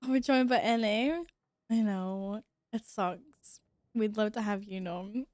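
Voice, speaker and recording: A woman's voice: medium pitch, slow, darkish tone, dry recording, clean studio sound. A woman streamer with the hiccups, chatting casually while gaming, giggly, flustered and swearing now and then. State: has the hiccups.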